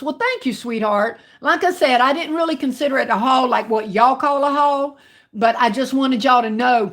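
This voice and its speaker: A woman's voice: on the high side, a bit bright. A woman with a Southern country twang, hosting a casual livestream and chatting with viewers, calling them baby and honey. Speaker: livestream host. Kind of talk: casual live chat reading viewer comments.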